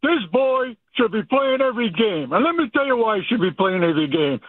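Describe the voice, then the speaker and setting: A man's voice: extremely high pitch, brisk, dry recording. A man calling in to a sports radio show, ranting pushily about his team over a phone line. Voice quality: excited, pushy, repetitive. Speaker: radio caller.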